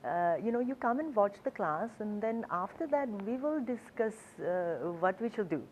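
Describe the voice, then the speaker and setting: A woman voicing a friendly, welcoming woman dance teacher who invites her guest in with a warm, hesitant manner. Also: medium pitch, expressive, normal speed, a little hiss or hum, pitched above the performer's own voice, lightly acted, low-quality recording.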